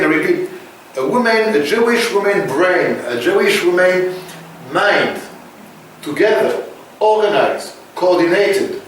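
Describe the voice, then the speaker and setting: A man from France with a French accent, answering interview questions in halting, emphatic phrases that repeat words for stress. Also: high-pitched, very echoey, far from the mic, slight background noise, rough recording. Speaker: interview guest.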